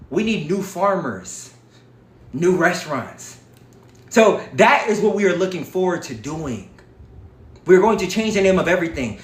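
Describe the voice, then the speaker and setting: A man hosting a livestream, talking in an animated, profane, preachy way. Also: high-pitched, echoey room. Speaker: livestream host. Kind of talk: casual livestream talk.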